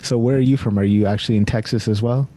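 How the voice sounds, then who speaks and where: A man hosting an online happy hour over a video call, chatting in a relaxed way and calling people "man". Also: on the low side, quick pace. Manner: laid-back, chatty, says "man" often. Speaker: host. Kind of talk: casual chat.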